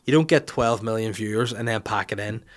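A man's voice: lowish voice, fairly quick. A young man hosting a podcast in a cheeky, rambling, sweary casual chat. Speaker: podcast host.

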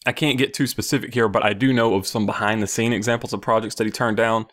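A man with a fairly low voice hosts a casual gaming news podcast. He talks loosely and swears freely. He keeps slipping into giggles between stories. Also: fairly even intonation, fast, fairly bright tone. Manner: giggly, laughing often, loose and profane. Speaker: podcast host.

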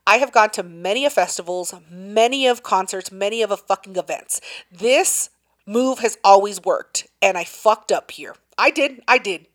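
A young adult woman co-hosting a casual chat, an animated storyteller who swears freely and acts out quotes. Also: mid-range voice, normal speed.

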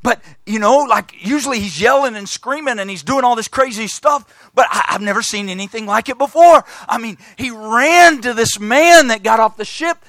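A man preaching a sermon, retelling a scripture story in lively everyday speech and often repeating his words. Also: extremely high pitch, normal speed, hardly any pauses, no echo.

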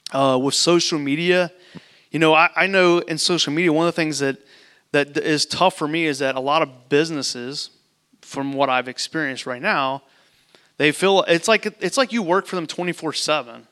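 A man preaching a casual sermon, reading scripture aloud and adding relaxed, joking asides. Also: fairly high pitch, moderate pace, clean tone. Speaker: pastor.

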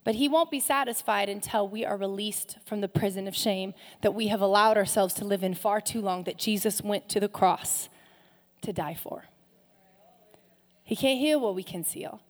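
A woman pastor preaching a sermon, passionate, swinging from loud rises to soft, hushed drops. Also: medium pitch, normal speed. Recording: long hall reverb.

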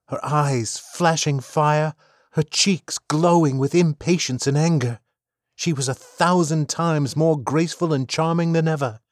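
A man narrates a classic tale in the first person, measured and expressive. His voice sits at an ordinary pitch, recorded close and dry with no room sound. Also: no room sound. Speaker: audiobook narrator. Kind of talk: scripted narration of classic fiction.

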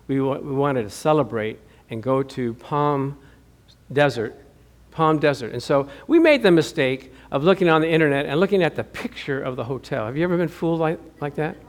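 High-pitched middle-aged pastor guy preaching, gets loud and worked up, chuckles at his own stories. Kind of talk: sermon.

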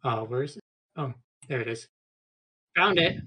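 Bright-voiced man telling casual stories. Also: medium pitch, normal speed, breathy edge. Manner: relaxed, rambling anecdotes. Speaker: podcast guest. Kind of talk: casual storytelling.

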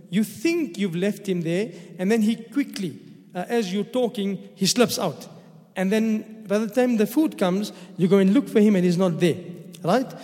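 A high-voiced man with a South African accent preaches with loose, humorous storytelling. He slips into little acted bits of dialogue as he explains the text. His voice rings with the long reverb of a large mosque hall. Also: mellow. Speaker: imam giving Quran commentary. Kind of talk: sermon.

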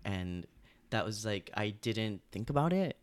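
Male podcast host, low and dry, frank and swearing, halting and restarting as he tells it. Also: very animated, no echo. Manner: halting and self-correcting when recounting. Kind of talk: casual chat.

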